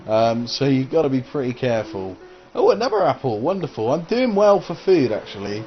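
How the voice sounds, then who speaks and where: A man's voice: mid-range voice, very animated, brisk, faint music behind. A man giving casual gameplay commentary as a gaming channel host, rambling and hesitant with lots of uh and um. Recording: dull lo-fi recording.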